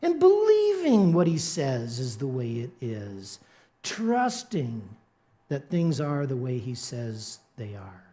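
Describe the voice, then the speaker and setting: Unhurried man preaching conversationally. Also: mid-range voice, wildly swooping pitch, dark tone. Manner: conversational, repeats catchphrases, asks the congregation "right?". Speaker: pastor. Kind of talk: sermon.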